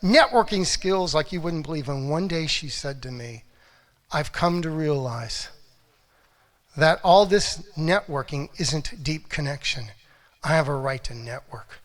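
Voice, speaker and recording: A middle-aged man speaking as a relationship coach, with a voice that sits a little above most men's. He tells stories with lots of energy, acting out quotes, sometimes dropping to a hush and sometimes getting loud. It sounds like a motivational talk given to an audience. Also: a little high, measured pace. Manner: animated storytelling, acts out quotes, swings from hushed to loud.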